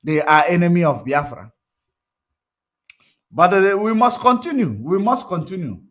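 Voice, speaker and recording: A man's voice: high voice, sing-song, normal speed, fairly bright tone. A man with a Nigerian accent giving an emphatic political commentary monologue, repeating points for effect. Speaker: online commentator.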